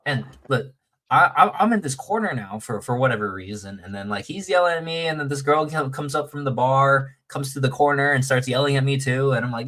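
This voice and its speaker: A man's voice: mid-range voice, a little fast, sharp tone. A man telling a long story in casual chat, rambling with many fillers and restarts and acting out the quoted lines.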